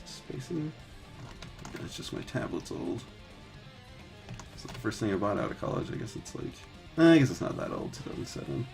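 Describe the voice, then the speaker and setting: A man's voice: lowish voice, huge pitch swings, moderate pace, gravelly, long pauses, music in the background. A man in his thirties chatting casually while painting textures live, rambling with lots of filler words, swearing and laughing easily. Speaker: 3D artist streaming his texturing work.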